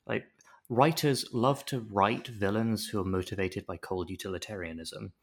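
A man's voice: on the low side, moderate pace, gravelly. A man co-hosting a podcast, chatting casually and jokily acting out quotes in different voices. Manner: animated, jokey, acts out quotes in voices. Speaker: podcast co-host recapping a TV episode. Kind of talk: casual chat.

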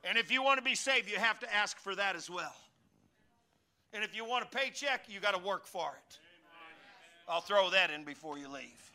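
A man preaching an animated, joking sermon and speaking directly to his congregation. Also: sits high, normal speed. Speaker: pastor.

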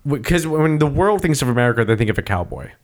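A young man rambles through a story in a loose, conversational flow, swearing freely and getting animated as he goes. His pitch sits at an ordinary middle level for a man. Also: quick pace. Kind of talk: casual chat.

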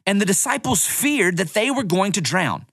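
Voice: medium pitch, big pitch swings, normal speed, fairly bright tone, no echo, studio quality. Playful storyteller teaching kids bible stories. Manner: playful, dramatic, addresses kids directly.

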